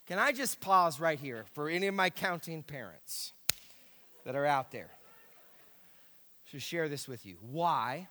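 Emphatic male pastor preaching, a high and lively voice, echoing hall. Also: a little slow, long pauses, slight background noise. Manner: animated, emphatic, repeats key phrases. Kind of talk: sermon. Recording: echoey hall.

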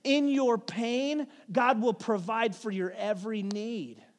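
A man in his thirties preaching a sermon, shifting from hushed, slow reflection to loud, playful calls for the congregation to repeat after him. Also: sits high. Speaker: pastor. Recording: long hall reverb.

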